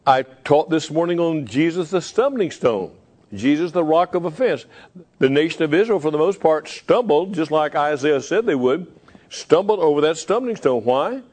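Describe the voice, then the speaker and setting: A middle-aged man preaching as a pastor, emphatic and slowing down to repeat key phrases. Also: a little high, animated, darkish tone. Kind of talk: sermon.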